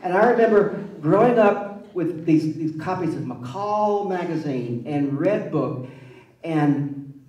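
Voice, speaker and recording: Man, sixties, wry animated storyteller, mic at a distance, echoey room. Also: fairly high pitch, slow. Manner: wry, animated, acts out voices in his stories. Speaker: author speaking at a public event. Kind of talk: personal storytelling. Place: museum event space. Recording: roomy hall, mic at a distance.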